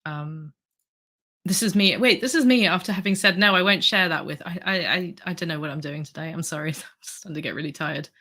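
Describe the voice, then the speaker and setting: A woman's voice: fairly low pitch, brisk, bright, forceful tone. A woman in her thirties hosting a casual livestream, hesitant, with many ums and restarts as she reads out the chat. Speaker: livestream host.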